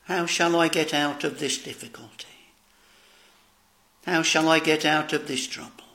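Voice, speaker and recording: On the high side and fairly even in intonation, this man's voice is gravelly, pushed and bright. He preaches a slow, solemn sermon to "dear friends," quoting scripture in archaic wording.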